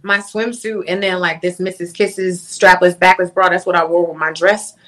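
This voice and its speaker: A young adult woman, an interview guest, telling a story in a candid, profane and animated way. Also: lowish voice, moderate pace. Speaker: interview guest, livestream influencer. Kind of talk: casual storytelling.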